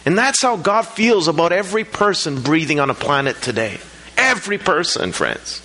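A middle-aged man preaching a sermon, telling a personal story in an animated way, with frequent restarts. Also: a little high, moderate pace. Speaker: pastor.

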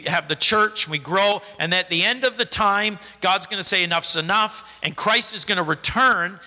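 A man preaching from the pulpit, his voice pitched high and very bright, cutting through the sanctuary. He leans hard into the scripture with stressed, rising phrases, then slips into relaxed, conversational explanation. The sound carries a long reverberant tail from the church hall. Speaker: pastor. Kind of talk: sermon with scripture reading.

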